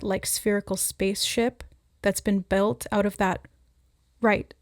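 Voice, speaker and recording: A woman giving a spontaneous spiritual reading, musing aloud with hesitant pauses as she relays what she senses. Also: mid-range voice, darkish tone, no echo, studio quality. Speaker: intuitive oracle reader.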